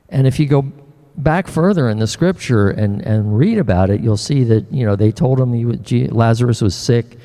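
An older man preaching a sermon as pastor, earnest and emotional, often pausing and restarting his words. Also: medium pitch, animated, mellow, long reverb tail.

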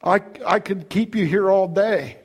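A man's voice: high-pitched, unhurried, husky. Man telling his testimony from the pulpit. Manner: storytelling, acts out dialogue, laughs often. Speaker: preacher giving testimony. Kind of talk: testimony sermon.

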